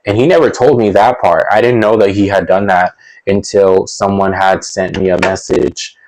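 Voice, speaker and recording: A young man spins a casual storytime tale in a slightly low voice. He rambles, circling back with fillers and restarts, and breaks into little chuckles between sentences. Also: fairly even intonation, normal speed, a little mellow, poor audio. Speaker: storytelling vlogger.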